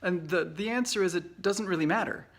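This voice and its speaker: An American man in his forties talks through an English lesson in a relaxed, chatty way, pausing on fillers and restarting his sentences. His speaking voice sits a little high for a man. It feels like an informal live video made while he is traveling. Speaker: English teacher. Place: away from home at a conference trip. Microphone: Facebook Live video.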